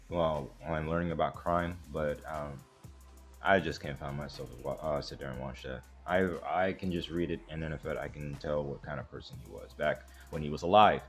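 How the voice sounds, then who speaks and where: A man hosting a reaction commentary, talking in a rambling, hesitant way with emphatic restarts. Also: extremely low pitch. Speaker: commentary host.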